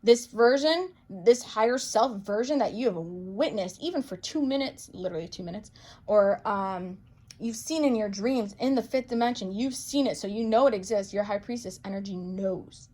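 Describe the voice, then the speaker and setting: A woman reading tarot cards for viewers in a chatty, playful way, excitable and full of pet names. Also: mid-range voice, moderate pace. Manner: playful, chatty, calls listeners baby girl and boo; excitable, gasps and exclaims over cards. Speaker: psychic medium tarot reader.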